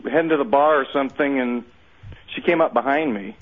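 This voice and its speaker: A man's voice: mid-range voice, fairly quick. A man calling in to a radio show, hedging his account. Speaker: caller. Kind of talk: phone call-in. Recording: dull noisy phone line.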